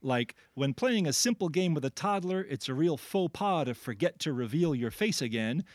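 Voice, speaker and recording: Animated, jokey male quiz host. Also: a little high, moderate pace, no room sound. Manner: animated, jokey, laughs often. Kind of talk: playful radio word quiz.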